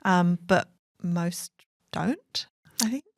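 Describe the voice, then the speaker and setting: A woman with a fairly low voice co-hosts a podcast in a dry, close sound. She chats in an easy, agreeable way, with lots of yeahs and you-knows. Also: extremely slow, creaky, no echo. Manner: agreeable, many fillers and yeahs. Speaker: podcast co-host. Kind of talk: casual chat.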